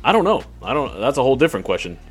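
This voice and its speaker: A man hosting a casual podcast, relaxed and profane, often hedging with "I don't know.". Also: medium pitch, racing, faint music behind. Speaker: podcast host. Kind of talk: casual chat.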